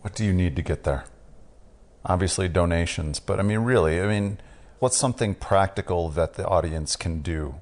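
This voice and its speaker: Very deep-voiced male podcast host. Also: normal speed, darkish tone. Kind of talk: casual interview chat.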